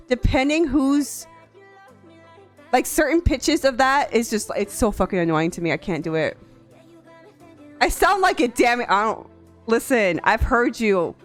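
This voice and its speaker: Lively, soft-voiced woman streamer from Tennessee. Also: fairly high pitch. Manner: chatty, swears freely, laughs often. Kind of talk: casual chat with viewers.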